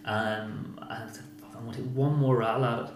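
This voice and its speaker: A man's voice: mid-range voice, level tone, fairly quick. A man with a Northern Irish accent, a former boxer speaking frankly and a bit rambling in a casual interview, repeating himself and swearing now and then. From Northern Ireland. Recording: echoey room with noise.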